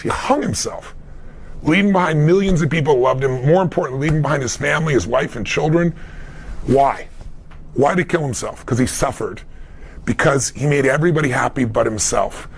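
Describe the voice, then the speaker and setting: A middle-aged man, a motivational speaker, answering a question in an emphatic storytelling manner, swinging between loud and soft. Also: mid-range voice. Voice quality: gravelly, husky. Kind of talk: conversational interview answer.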